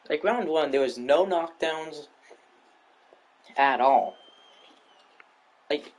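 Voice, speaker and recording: A man's voice: on the high side, lively intonation, takes it slowly, long pauses, slight background noise. A man live-streaming a fighting game, talking over it in a joking, boastful, rambling way. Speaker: gaming streamer.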